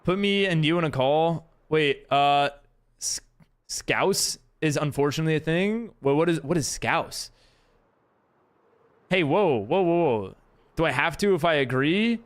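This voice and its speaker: Chatty and expressive, a young man reads out and reacts to viewers' messages while streaming a game live. His voice is high and fairly bright, and he keeps a moderate pace.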